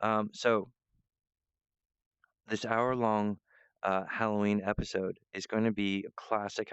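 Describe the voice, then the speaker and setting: A man's voice: fairly low pitch, smooth, no room sound, lo-fi sound. A man rambling in a monologue to camera, meandering, restarting often and breaking off to apologize. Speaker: vlogger.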